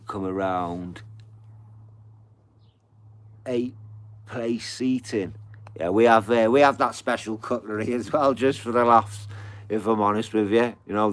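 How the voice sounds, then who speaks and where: Low-voiced sweary bloke. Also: male voice. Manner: casual, sweary, repeats fillers like "you know". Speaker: live streamer. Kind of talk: rambling live chat with viewers. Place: home.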